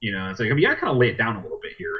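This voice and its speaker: A man's voice: lowish voice, wildly swooping pitch, very fast. A man co-hosting a podcast in casual chat, rambling through a plot retelling with lots of fillers. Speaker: podcast co-host. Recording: dull lo-fi podcast recording.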